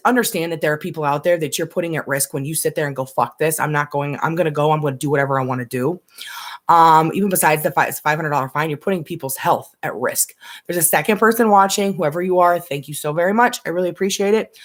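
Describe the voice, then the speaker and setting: A young woman, a stay-at-home mom, ranting bluntly and passionately to live-stream viewers, swearing freely. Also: fairly low pitch.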